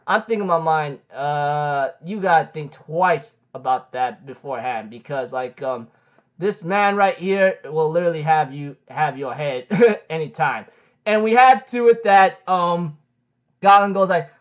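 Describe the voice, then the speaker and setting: A man's voice: sits high, normal speed. A young man casually recapping an anime episode, rambling with many fillers like um and like. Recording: dull lo-fi recording.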